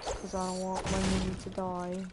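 A woman's voice: medium pitch, monotone, moderate pace, loud music behind the voice. A woman giving chatty, goofy commentary while playing a game. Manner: chatty, goofy, tries out fake accents. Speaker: gamer. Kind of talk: casual gaming commentary. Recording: noisy home recording.

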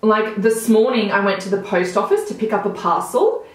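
A woman's voice: medium pitch, sing-song, normal speed. A young woman, chatting casually to camera as a beauty vlogger while doing her makeup, gushing and bubbly, trailing off into mumbles at the ends of phrases. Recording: very echoey room.

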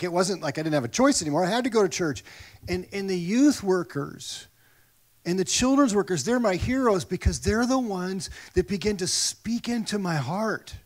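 A middle-aged pastor preaching a sermon in a church, telling a personal story with lively, acted-out quotes. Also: male voice, high voice. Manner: animated storytelling, acts out quoted voices. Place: church sanctuary.

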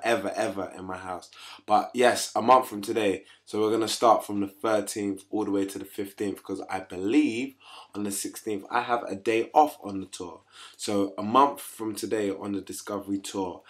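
A young man speaks in a low, fairly even voice, chatting casually to the camera in his home kitchen. His delivery is easygoing and upbeat, with a friendly, apologetic promo tone. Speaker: musician promoting a tour. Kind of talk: casual video diary.

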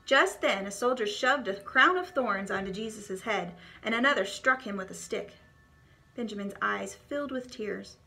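A woman reading a children's devotional storybook aloud in an expressive, clear storytelling manner. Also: medium pitch, normal speed.

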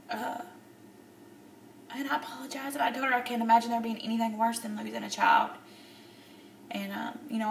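A woman in her thirties recording a personal video diary. She is upset and near tears, and she talks haltingly with many pauses and fillers. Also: on the high side, creaky, fairly bright tone, recorded from a distance, a little hiss or hum. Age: 30s. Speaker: vlogger. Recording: roomy echo, a bit off-mic.

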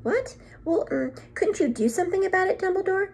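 Professor McGonagall, a woman doing a fussy, high, sharp witch. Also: expressive, a little fast. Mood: anxious scolding. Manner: sharp, hissing whisper. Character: strict, fussy older female witch professor.

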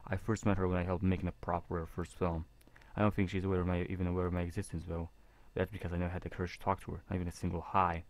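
A man reading a visual novel aloud in a casual, halting way with jokey asides. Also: low-pitched, flat delivery. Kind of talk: casual game reading with commentary.

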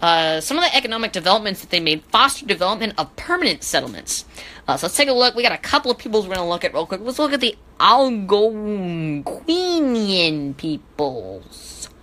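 A woman's voice: medium pitch, sing-song, very fast, pushed and bright, rough recording. A woman teaching history in a casual podcast, full of joking self-deprecating asides and stumbling over hard names.

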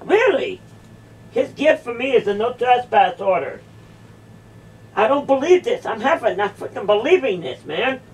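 A woman's voice: a little high, animated, normal speed, darkish tone. A woman in a heated confrontation in a church, incredulous and repeating her questions again and again. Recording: voice distant from the mic.

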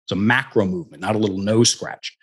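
A middle-aged man, a personal development coach, telling stories as a guest in a podcast interview on a headset mic, animated and acting out the dialogue. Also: lowish voice, quick pace, slightly rough.

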